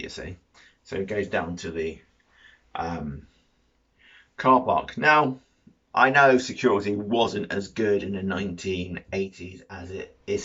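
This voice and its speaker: A man's voice: fairly low pitch, a bit bright, slightly rough. A man giving a casual film review, rambling, losing his thread and correcting himself, with dry, mildly sarcastic humour. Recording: dull lo-fi recording.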